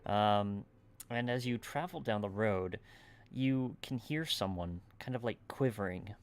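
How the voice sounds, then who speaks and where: A man's voice: on the low side, measured pace. A man running a tabletop game as game master, narrating casually with many fillers and frequent "right?" check-ins.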